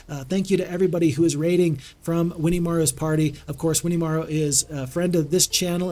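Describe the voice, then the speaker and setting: A man's voice: on the high side, a little mellow. Upbeat game streamer, a man thinking aloud. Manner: upbeat, thinks aloud while greeting chat. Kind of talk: live-streamed gameplay commentary.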